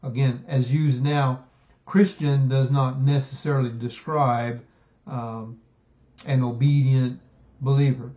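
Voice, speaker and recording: A man's voice: medium pitch, little pitch movement, warm tone. Emphatic male Bible teacher, lo-fi. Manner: emphatic, slows down to stress key words. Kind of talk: recorded Bible study lesson.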